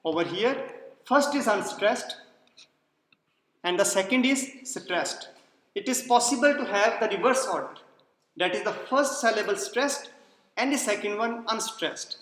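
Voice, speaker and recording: High-voiced lecturer in an echoey hall. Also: male voice, expressive, a little slow, fairly bright tone. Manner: explains patiently, repeats points, checks understanding. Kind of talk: classroom lecture. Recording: echoey hall, long reverb.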